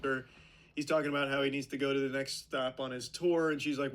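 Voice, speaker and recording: A man's voice: mid-range voice, steady tone, brisk, creaky, a bit bright. A man giving a casual spoken movie review, retelling the plot in a rambling way full of fillers.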